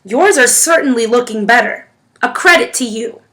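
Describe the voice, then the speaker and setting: A woman reading a story aloud, voicing a stern, commanding older woman who speaks crisply. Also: on the high side, animated, normal speed, sharp tone.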